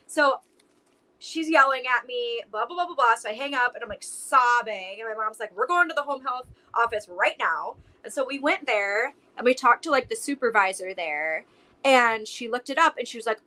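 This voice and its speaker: A young woman with a bright, higher voice tells a personal story as a podcast guest. She talks casually and emotionally, full of "like"s. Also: sing-song, normal speed, low-quality recording.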